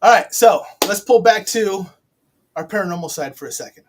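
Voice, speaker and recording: A man's voice: high voice, lively intonation, moderate pace, a little hiss or hum. A man hosting an interview show, rambling and teasing in a casual chat with his guest. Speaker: host.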